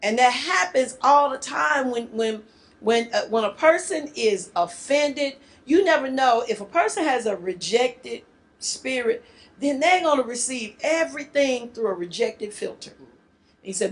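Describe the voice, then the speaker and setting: A middle-aged woman from the northern US gives a marriage workshop talk to a live group, lively and joking in casual speech. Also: high voice, measured pace. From northern United States.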